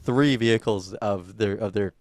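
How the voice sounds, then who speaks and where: A man's voice: fairly low pitch, moderate pace, darkish tone, dry recording, clean studio sound. A young man co-hosting a comedy podcast, riffing with mock-serious asides in casual chat. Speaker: podcast co-host.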